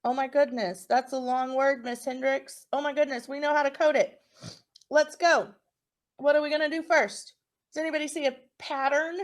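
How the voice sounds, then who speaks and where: A woman teacher giving a recorded phonics lesson to young children, encouraging them and sounding out words slowly. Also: high-pitched, fairly even intonation.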